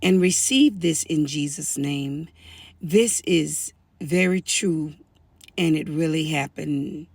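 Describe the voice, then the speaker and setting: A woman's voice: sits low, slow, gravelly, a little mellow, no echo. An older woman telling a family story as personal testimony, earnest and pleading as she warns other women. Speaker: storyteller sharing a family account.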